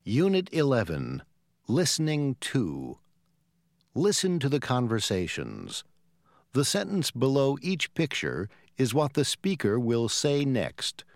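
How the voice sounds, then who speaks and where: A man reading course unit titles and instructions in a slow, measured way. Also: medium pitch, wildly swooping pitch, no echo, clean studio sound. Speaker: course audio announcer. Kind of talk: scripted instructions.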